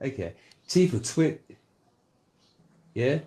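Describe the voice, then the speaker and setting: A man from Polynesia with a mid-pitched voice who talks emphatically and lectures, pressing his points in a casual online chat. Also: very animated, takes it slowly, mellow. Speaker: chat partner.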